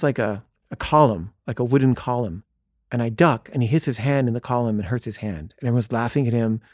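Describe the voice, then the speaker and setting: A man's voice: mid-range voice, a little mellow, dry recording. Man spinning a self-deprecating true story, loose and chatty, dry close sound. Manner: casual, self-deprecating, frequent "like" fillers. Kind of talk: comic personal storytelling.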